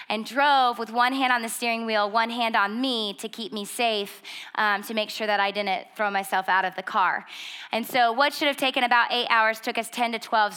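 A woman's voice: fairly high pitch, bright, forceful tone, clear, resonant tone. A young woman giving a candid testimony sermon to an audience, telling her story and then preaching with rising emphasis.

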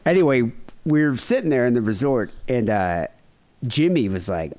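A man's voice: mid-range voice, moderate pace, no echo. A man co-hosting a podcast, telling a rambling, profane story in casual chat. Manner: animated, profane, mimics people in quotes. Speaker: podcast co-host.

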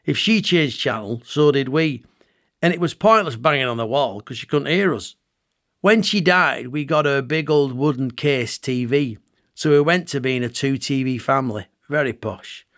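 A middle-aged Lancashire man with a Bolton accent narrates his own memoir with dry, conversational comic timing. His voice sits at an ordinary pitch for a man. The studio recording is close and dry, with no room sound. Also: moderate pace, fairly bright tone, no echo. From England. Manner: dry, chatty storytelling with northern dialect. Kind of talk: audiobook narration.

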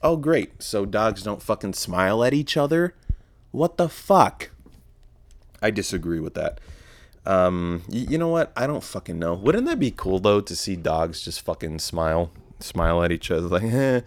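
Young man, casual solo podcast, rambling, sarcastic, swears a lot, low-pitched voice. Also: big pitch swings, normal speed, dry recording. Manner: profane, rambling, sarcastic asides. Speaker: podcast host.

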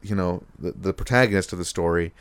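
A man with a fairly low voice recaps an old TV episode in casual podcast chat. He rambles, restarts and drops fillers. The sound is dry and close. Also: fast talker, clear, resonant tone, no echo. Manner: rambling, filler-heavy storytelling with acted-out quotes. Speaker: podcast co-host.

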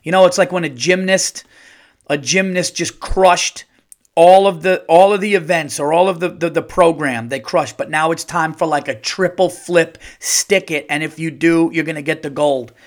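A middle-aged man telling a story in casual chat as a podcast host, animated and swearing, often repeating and restarting his words. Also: fairly high pitch, normal speed.

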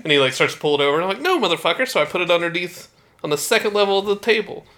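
Bright, profane storytelling podcast host. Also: male voice, sits high, rapid-fire, slight background noise. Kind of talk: casual comedic chat.

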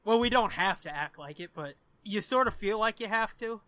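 Podcast co-host, man, mid pitch, bright tone, profane and giggly, dry close mic. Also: expressive, normal speed, no echo. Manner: profane, laughs often, tells jokes. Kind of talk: casual chat.

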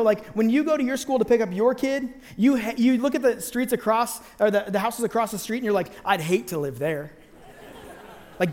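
A man telling a long personal story in a sermon, animated, acting out the people he quotes. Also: very high voice, big-room sound.

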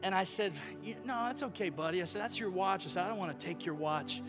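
A male pastor preaching a sermon, telling stories with animated voices that rise to near-shouting at the peaks. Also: high voice, quick pace, big-room sound, over music.

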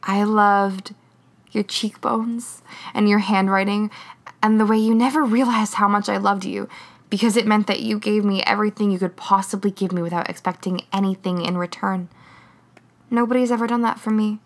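A woman's voice: mid-range voice, fairly even intonation, normal speed, lightly acted. A woman reading the lines of a wry, confiding young woman in a story. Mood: tender.

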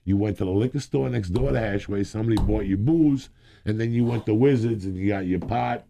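A man in his sixties telling rambling, animated stories as a guest, laughing often. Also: lowish voice, a little fast, vocal fry, a little hiss or hum. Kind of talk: casual storytelling.

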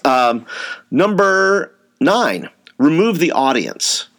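A man's voice: fairly high pitch, big pitch swings, slow, fairly bright tone. A man giving an informal training talk to youth workers, rambling, with frequent fillers and repeated words. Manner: says he tends to raise his voice.

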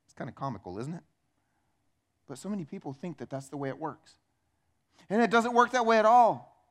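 Male pastor preaching, high voice, punchy rhetorical questions, fired up. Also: brisk. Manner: animated, emphatic, rhetorical questions. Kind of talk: sermon.

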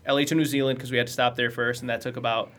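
A young American man talks fast and loose, spinning stories with plenty of laughter. His pitch sits in an ordinary middle range. He speaks as a guest on a casual chat show. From United States. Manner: storytelling, laughs often, animated.

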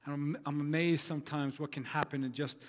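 A man's voice: on the high side, little pitch movement, fairly quick, big-room sound. A man preaching a sermon who acts out quoted speech and repeats his phrases for emphasis. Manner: voices quoted figures dramatically, repeats phrases.

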